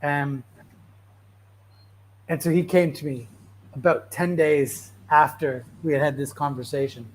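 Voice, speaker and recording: Male host giving casual motivational talk; restless, chatty, lots of "right?", voice sits a bit high. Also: unhurried, long pauses, slight background noise. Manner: rambling, repeats "right?" and "like"; restless, animated storyteller with frequent restarts.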